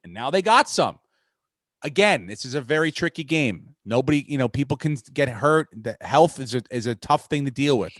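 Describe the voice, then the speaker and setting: A man hosting a podcast, talking sports in a profane, rambling, excitable way. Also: mid-range voice, moderate pace, no room sound. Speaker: podcast host. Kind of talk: casual sports chat.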